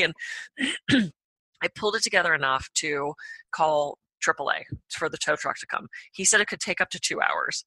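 A woman tells a personal story as a podcast guest, throwing her voice up high when she acts out her own reactions. Her tone is bright and edged. The recording is close and dry, with no room sound. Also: fast, dry recording. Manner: animated, acts out her own reactions with big pitch jumps. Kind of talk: storytelling anecdote.

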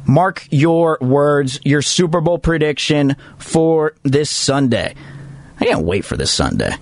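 A man's voice: fairly high pitch, wildly swooping pitch, a little slow, dry recording. A man hosting a sports talk segment, talking casually and emphatically with jokey asides. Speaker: sports radio host.

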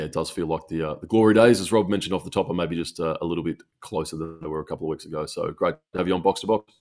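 A man co-hosts a football radio show, asking questions in a low voice with stops and fillers. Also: a little mellow. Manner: halting, many fillers. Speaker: radio co-host. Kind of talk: interview questions and links.

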